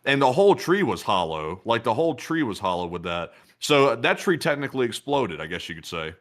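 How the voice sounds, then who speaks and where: A male co-host on a live stream with an easygoing, rambling way of talking. He leans on fillers and chats casually, with a voice of middling pitch. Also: fairly quick. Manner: relaxed and rambling, heavy on fillers like "like".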